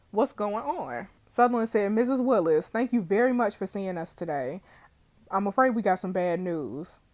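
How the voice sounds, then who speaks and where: Young woman reading a detective game out loud, does all the characters in her normal voice, middle pitch, throws in little side comments. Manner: reads every character's lines in her own voice, with asides. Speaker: streamer playing a detective game.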